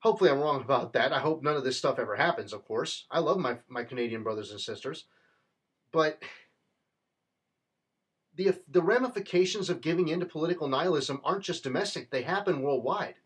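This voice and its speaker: A man's voice: a little high, lively intonation, brisk, breathy edge. A man delivering an impassioned, rallying political monologue in a fervent, rhetorical manner. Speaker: political commentator.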